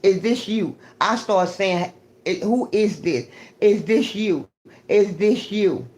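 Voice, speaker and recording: Woman livestream host, casual storyteller, profane, animated, repeats herself. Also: fairly low pitch.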